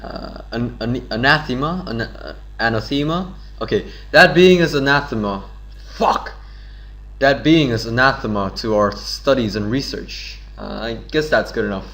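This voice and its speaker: Male gamer voice, mid pitch, loose and joking, lots of fillers. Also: normal speed, fairly bright tone. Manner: rambling and playful, reads game dialogue aloud. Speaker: let's play host. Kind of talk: casual gameplay commentary.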